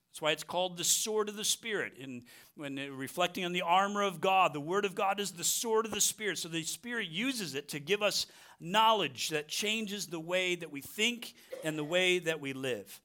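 Bright-voiced man preaching a conversational sermon. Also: high-pitched. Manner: earnest, conversational, repeats "right?" and slows to stress phrases. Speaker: pastor.

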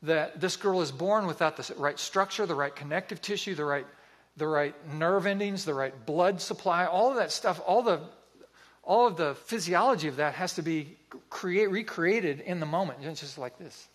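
A man preaching a sermon, telling a story in an earnest, vivid way with pauses. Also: on the high side.

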